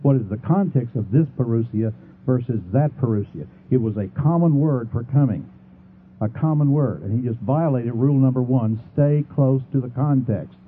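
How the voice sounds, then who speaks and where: A man making a formal debate argument, reading scripture passages aloud and slowing down to stress key words. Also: mid-range voice. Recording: tinny phone-like sound with faint noise.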